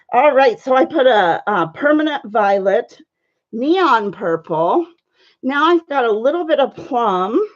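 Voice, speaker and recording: A woman's voice: fairly high pitch, darkish tone. Chatty woman painting on a live stream. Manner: chatty, friendly, many fillers, greets viewers by name. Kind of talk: casual live-stream chat while painting. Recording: dull lo-fi stream audio.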